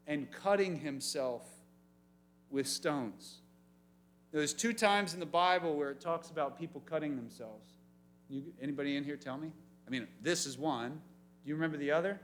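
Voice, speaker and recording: Man preaching to a teen group, animated, voice a bit high, asks questions. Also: normal speed. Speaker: youth pastor. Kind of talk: sermon. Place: church youth meeting room.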